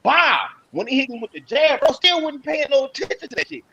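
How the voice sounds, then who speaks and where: A man's voice: extremely high pitch, expressive, fairly quick, creaky, pushed and bright, rough recording. A man recounting a boxing match in casual chat, acting out his own reactions as he tells it. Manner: storytelling, acts out reactions.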